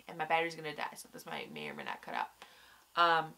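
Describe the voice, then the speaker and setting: This young woman chats casually about a TV episode, rambling with excitement and cursing often. Her low voice is gravelly, she talks fast, and she sounds worn out and congested from crying.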